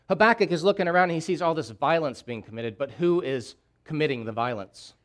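A man's voice: on the high side, moderate pace. A man preaching a sermon, delivering impassioned pleas and repeating key phrases for emphasis. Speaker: pastor.

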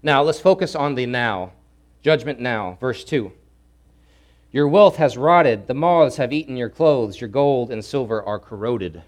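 A man preaching a sermon, swinging from loud urgent pleading to hushed, low asides. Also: a little slow. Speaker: pastor.

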